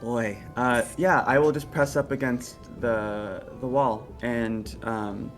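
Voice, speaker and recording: A man's voice: medium pitch, fairly even intonation, takes it slowly, faint music behind. A man playing in a tabletop game, talking casually and hesitantly, with amused asides. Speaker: tabletop player. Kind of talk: casual play chat.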